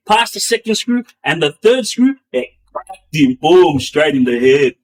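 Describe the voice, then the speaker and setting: A man telling a story in a loose, rambling way, with many fillers and restarts, acting out the action with bangs and booms. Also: unhurried. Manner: animated, acts out sounds with bangs and booms. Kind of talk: casual spoken storytelling.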